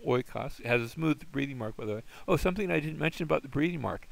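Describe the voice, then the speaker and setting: Gravelly man teaching Greek sounds. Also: fairly high pitch, animated. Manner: patient, thinking aloud, sounds words out slowly. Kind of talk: informal classroom explanation.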